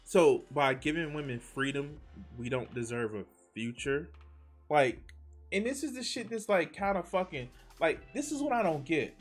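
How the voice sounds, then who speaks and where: A man with a higher voice reacts on a live stream, his pitch swinging widely as he swears and sounds exasperated. He breaks off and restarts sentences often, and his sarcasm cuts through. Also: expressive, moderate pace, soft background music. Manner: trails off and restarts mid-sentence.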